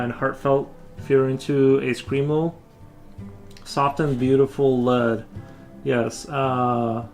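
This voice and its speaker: A man chatting casually with his viewers while drawing on a livestream, rambling with frequent restarts. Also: medium pitch. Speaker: livestream artist.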